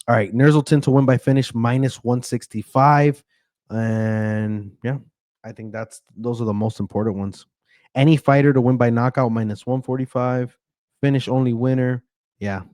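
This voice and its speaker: A man's voice: mid-range voice, normal speed, a little mellow, no room sound. A man hosting a casual fight-betting breakdown, talking loosely with frequent ums and stumbling over fighters' names. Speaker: betting analyst host.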